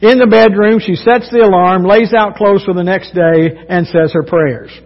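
A man with a high voice preaches in a church, and his words ring out in a long hall echo. His delivery is folksy and joking, moving into earnest exhortation. The recording sounds dull and lo-fi. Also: steady tone, moderate pace. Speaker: pastor. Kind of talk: sermon. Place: church sanctuary.

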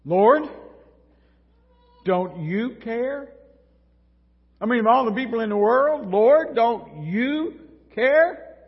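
A man preaching a sermon puts on the voice of Martha, a frazzled, resentful woman shouting shrill complaints, recorded in an echoey hall with dull lo-fi sound. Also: animated, slow pace, pauses often, breathy edge, exaggerated voice. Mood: exasperated.

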